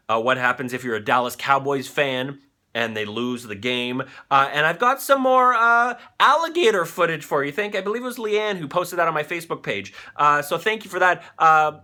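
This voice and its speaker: A male live show host who reacts to clips with loud, swearing excitement and lots of filler words. His voice is bright and forceful and slightly high, and it swings widely in pitch as he talks. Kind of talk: live commentary on viral videos.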